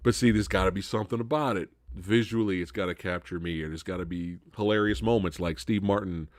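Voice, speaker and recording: A man hosting a live Q&A stream, chatting casually, swearing freely and laughing loudly. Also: low voice, steady tone, a little fast, dry recording, clean studio sound.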